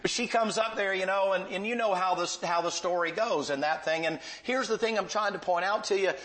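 A man's voice: high-pitched, a little fast, noisy background. A man preaching a sermon, telling a vivid Bible story in a folksy, emphatic way.

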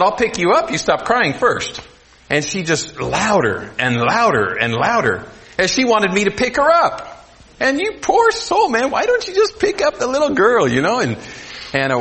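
A man preaching a sermon to a congregation, swinging between loud emphasis and quiet asides. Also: high-pitched. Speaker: pastor.

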